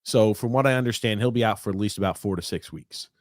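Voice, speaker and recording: A low-pitched man talks through a hockey game with his co-host in a chatty, teasing way. The sound is dry and close, with no room echo. He speeds up at times as he gets going. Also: fast talker. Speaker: podcast co-host. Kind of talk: casual sports watch-along chat.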